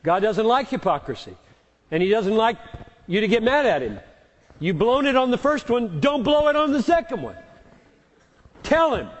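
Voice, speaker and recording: A man's voice: high voice, sing-song, normal speed, pauses often, long reverb tail. A man answering audience questions as a pastor, speaking emphatically and repeating key words for force. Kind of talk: live Q&A teaching.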